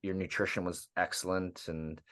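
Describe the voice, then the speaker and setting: A man's voice: low voice, flat delivery, normal speed. A man, a hockey coach co-hosting, reminiscing in rambling casual chat. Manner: rambling, warm recollection with fillers. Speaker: hockey skills coach and co-host.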